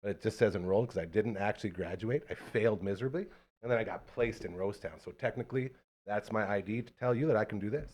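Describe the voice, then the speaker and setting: A man co-hosting a casual podcast, joking and bantering quickly. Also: lowish voice, darkish tone. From Canada. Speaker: podcast co-host. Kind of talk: casual chat.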